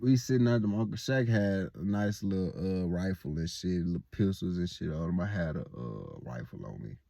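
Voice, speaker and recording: A man's voice: low voice, animated, brisk, vocal fry, dark tone, dry recording, studio quality. A young man casually telling a story, rambling and full of filler words and swearing.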